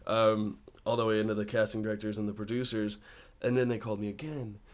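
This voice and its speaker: A man's voice: fairly low pitch, little pitch movement, fast. A man, an actor guest in a casual interview, telling easygoing stories and laughing often. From born in Australia, raised in Colorado and Texas.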